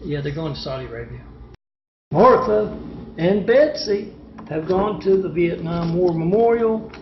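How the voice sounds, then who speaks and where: A man with a high, gravelly voice tells a meandering story, wandering from one loose thread to the next. The sound is echoey and dull, like a lo-fi recording in a bare room. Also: animated, a little slow, slight background noise. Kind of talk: rambling spoken story.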